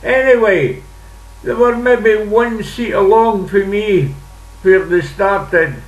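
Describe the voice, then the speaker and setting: A man's voice: high-pitched, slow pace. An older man with a Scottish accent, telling a rambling story in a chatty, casual way with dialect words. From Scotland. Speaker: vlogger. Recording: echoey room, distant mic.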